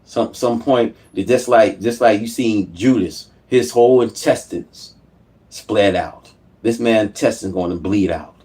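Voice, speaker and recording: A man's voice: on the low side, a little slow, a little mellow. Man in a profane, heated rant. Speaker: YouTube commentator. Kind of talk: angry political rant.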